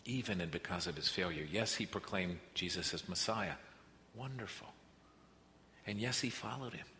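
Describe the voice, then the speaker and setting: A man preaching a sermon as pastor, earnest, moving between quiet reflective passages and emphatic rises. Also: deep voice, moderate pace. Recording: reverberant hall with faint noise.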